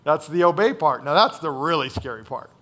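High-voiced male pastor preaching. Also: lively intonation, a little fast, a bit bright. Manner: conversational, checks in with "right?" and "okay?"; repeats key phrases for emphasis. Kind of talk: sermon.

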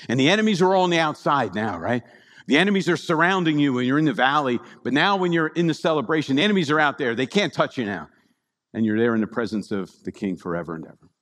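A man's voice: mid-range voice, fairly bright tone, long reverb tail. A man preaching a conversational sermon, often checking in with his listeners by asking "right?". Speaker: pastor.

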